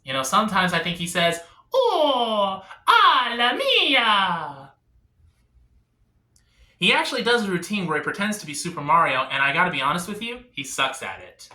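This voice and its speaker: A man performing a stand-up comedy set, delivering confessional setups deadpan and then swinging into sudden punchlines. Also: a little high, fast talker, hardly any pauses, reverberant.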